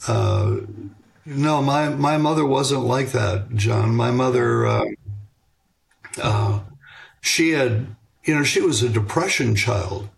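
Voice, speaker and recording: This older man, appearing as a guest author on parenting, responds to interview questions about raising kids in a reflective, measured tone. His medium-pitched voice carries some vocal fry, and he lingers on fillers and restarts sentences.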